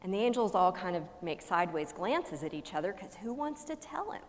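A woman's voice: mid-range voice, sing-song. Woman preacher in a reverberant hall. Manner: humorous storytelling with dramatic pauses; swings between loud emphasis and soft hushed lines. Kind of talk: sermon. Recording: long reverb of a large hall.

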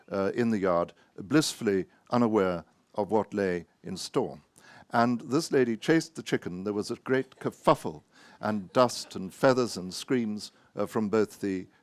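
Wry, low-voiced man telling anecdotes. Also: normal speed, no room sound. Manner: wry and self-mocking, with many hesitant "uh"s. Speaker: author giving a talk. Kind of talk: anecdotal storytelling talk.

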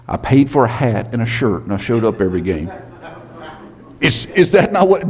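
A man preaches to his congregation in a lively, up-and-down voice. He keeps asking rhetorical questions and slipping in teasing jokes. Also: a little high. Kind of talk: sermon.

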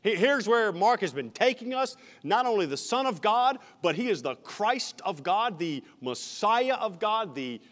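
Man, senior pastor preaching from the pulpit, fairly high voice, big reverberant church sound. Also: sing-song, unhurried, hardly any pauses, fairly bright tone. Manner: emphatic preaching with shifting dynamics. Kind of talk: sermon. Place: church sanctuary.

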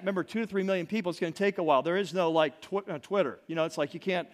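A man's voice: high voice, fast, hardly any pauses. A man preaching a sermon in a casual, conversational way, reading scripture verses aloud and explaining them with asides. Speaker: pastor.

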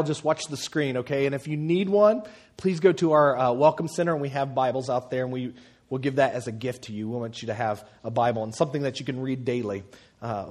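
A man in his thirties preaching a sermon as pastor, chatty and humorous, with many fillers and restarts. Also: fairly high pitch. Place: church auditorium.

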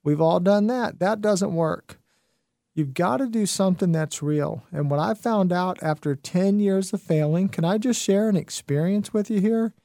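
A man's voice: high voice, moderate pace, creaky, dark tone, dry recording, studio quality. A man hosting a radio talk show, telling stories and urging listeners on in an earnest, motivational way with many fillers.

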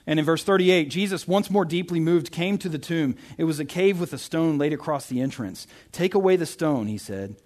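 A young man preaches in a loose, conversational way, stopping mid-thought and asking his listeners "right?" His voice sits a little high for a man. He moves between telling family stories and reading scripture. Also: animated, brisk, hardly any pauses, darkish tone. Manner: chatty, self-interrupting, often asks "right?". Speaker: pastor. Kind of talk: casual sermon with Bible reading.

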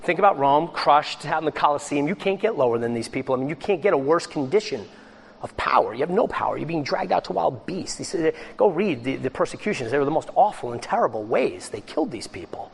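A man preaching a sermon as pastor, swinging between loud excited bursts and low hushed lines. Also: brisk, gravelly, husky.

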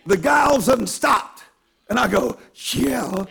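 A man preaching a sermon through a self-mocking story, animated and given to bursts of shouting. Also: very high voice, a little fast, vocal fry, slightly rough.

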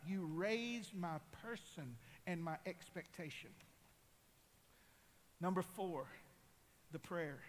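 A man preaching a sermon, impassioned and building to loud cries. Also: high voice. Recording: long hall reverb.

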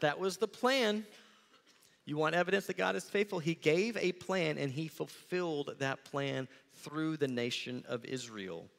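A man preaching a sermon as pastor, conversational and animated, acting out quick asides. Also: fairly high pitch, gravelly, in a large hall.

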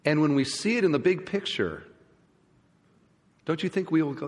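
A man's voice: on the high side, lively intonation, normal speed, long pauses. A man preaching a sermon as pastor, emphatic and full of rhetorical questions to the congregation. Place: church sanctuary. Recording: long church hall reverb.

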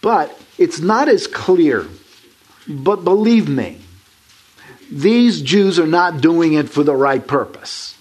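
A man delivering a sermon in a slightly husky voice. His pitch swings widely as he leans into his points. He reads scripture and talks straight to the congregation. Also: expressive, slow pace, darkish tone. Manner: emphatic, rising to stress points and addressing the congregation as folks. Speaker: preacher.

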